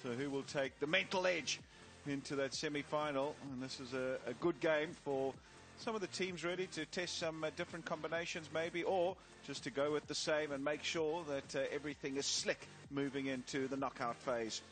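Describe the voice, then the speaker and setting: A man's voice: fairly high pitch, moderate pace, a bit bright. Chatty male cricket commentator over music. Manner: chatty, filler-heavy presenting. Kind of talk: broadcast sports commentary.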